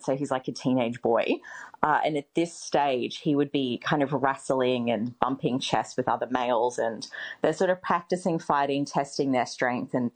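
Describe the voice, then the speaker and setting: A woman, answering as a scientist in a radio interview, explaining in a measured way with casual fillers. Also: a bass voice, a little mellow. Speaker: seal expert interviewee.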